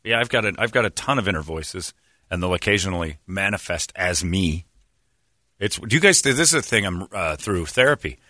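A man's voice: low-pitched, animated, fairly quick, sharp tone, no echo, studio quality. A man chatting casually on a talk show, rambling and poking fun at himself, with frequent fillers. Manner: rambling and self-mocking, many fillers. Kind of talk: casual group chat.

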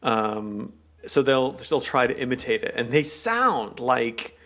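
A man's voice: medium pitch, animated, slow, fairly bright tone. A man from America co-hosting a podcast, joking in casual chat and talking like he's on the radio. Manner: jokey, radio-like delivery. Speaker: podcast co-host.

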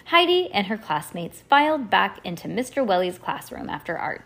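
A woman's voice: mid-range voice, big pitch swings, moderate pace, bright, forceful tone. A woman reading a children's storybook aloud to her child at home, stopping to chat along the way.

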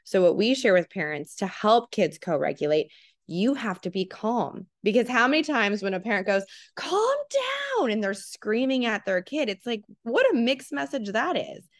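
A woman's voice: medium pitch, lively intonation, normal speed, dry recording, studio quality. A woman in her thirties, a parenting program co-founder, talking earnestly in a casual podcast conversation and acting out the voices she quotes.

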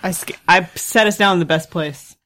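A man's voice: sits high, moderate pace, sharp tone, a little hiss or hum. A man voicing a brash, touchy young woman crew member with cybernetic parts, in improvised role-play. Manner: touchy, brash, says "bro".

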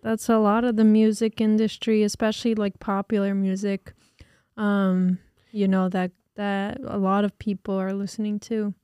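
A woman's voice: mid-range voice, flat delivery, moderate pace, mellow, clean tone, no echo, studio quality. A young woman co-hosting a podcast in casual chat, laid-back and agreeable, with lots of "like" fillers. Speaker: podcast co-host.

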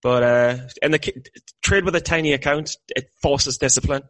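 A man's voice: mid-range voice, moderate pace, a bit bright, dry recording. Rambling British man, self-deprecating. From Britain. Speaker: podcast co-host. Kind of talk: casual chat.

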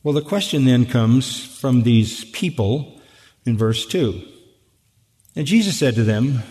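A man's voice: medium pitch, expressive, a little slow, a little mellow. A man preaching an expository sermon, talking emphatically to his congregation with direct rhetorical questions. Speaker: pastor. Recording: echoey hall with long reverb.

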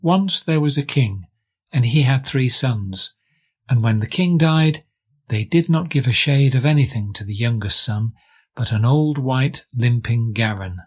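A man from England reading a fairy tale aloud as scripted narration, with measured storytelling. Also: mid-range voice, animated, breathy edge. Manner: measured storytelling, lightly voicing characters. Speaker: audiobook reader.

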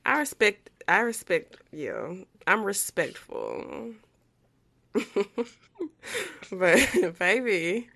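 A woman's voice: medium pitch, very animated, very slow, gravelly, long pauses, pushed and bright, no echo. A woman in her twenties co-hosting a casual chat podcast, slangy and laughing often. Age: 20s. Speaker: podcast co-host.

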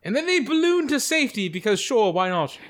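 A man's voice: very high-pitched, big pitch swings, a little fast, a bit bright. A man guest co-hosting a podcast, chatting casually with wry jokes and hesitant fillers. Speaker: guest co-host. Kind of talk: casual chat.

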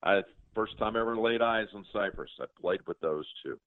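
A man in his sixties, a sports broadcaster, telling stories in an earnest, halting way with many restarts. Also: fairly low pitch, lively intonation, no room sound. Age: 60s. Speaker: interview guest, sports broadcaster. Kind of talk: casual interview storytelling. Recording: tinny dry phone-like line.

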